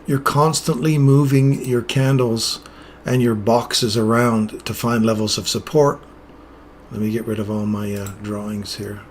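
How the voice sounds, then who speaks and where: A man's voice: fairly low pitch, steady tone, a little slow, slight background noise. A man explaining chart setups in casual live trading commentary, chatting with viewers as he goes. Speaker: trading streamer.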